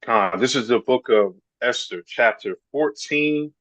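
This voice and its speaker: A man slowly and carefully reading a scripture passage aloud to a class, pausing between phrases. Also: medium pitch, lively intonation, a bit bright, no room sound, highs cut off. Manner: slow, careful reading with pauses.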